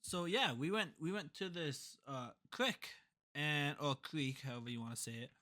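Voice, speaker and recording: Guy on a podcast rambling thru a story, bright voice, a bit high, laughs a lot. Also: lively intonation, fairly quick. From a reservation community. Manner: rambling, laughs often, acts out quotes. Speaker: podcast co-host. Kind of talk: casual storytelling chat.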